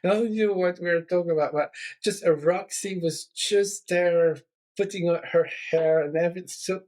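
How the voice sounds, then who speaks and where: A man co-hosting a podcast in casual conversation, speaking haltingly with fillers and little laughs. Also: high voice, steady tone, a little mellow. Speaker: podcast co-host.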